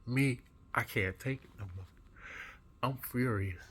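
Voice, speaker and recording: A man who has just woken up, earnestly retelling a dream in a vlog with an animated manner. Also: mid-range voice, unhurried, a little hiss or hum. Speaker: vlogger. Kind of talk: recounting a dream.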